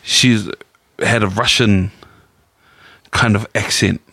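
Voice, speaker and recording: A man's voice: fairly low pitch, fairly even intonation, slow pace, pushed and bright, slightly rough, no room sound. A man, co-hosting a casual chat podcast and telling rambling stories in laid-back slang. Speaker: podcast co-host.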